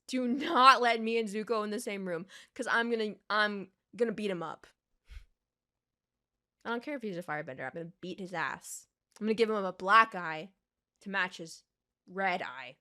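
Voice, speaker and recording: Speaking into a desk microphone at a medium, slightly bright pitch, this young reaction-video host gets worked up and sweaty. She rants in a heated, profane way, talking straight to the character.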